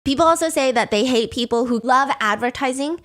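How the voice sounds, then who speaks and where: A woman's voice: high-pitched, a little fast, fairly bright tone. A woman hosting a podcast, casually retelling dating-show drama in a blunt, gossipy way. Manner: gossipy and blunt, acts out quotes with laughs. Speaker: podcast host. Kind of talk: casual storytelling commentary.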